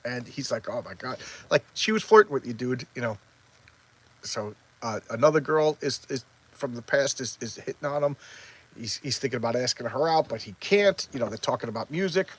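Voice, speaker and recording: A man casually reviewing a comic book, talking quickly and excitably with many restarts as he retells the story. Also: mid-range voice, slightly rough, poor audio.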